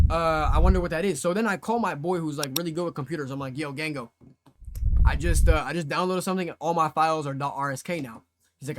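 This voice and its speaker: A man's voice: high voice, a bit bright. A young man streamer telling a story to his live chat in casual slang, acting out his own past reactions.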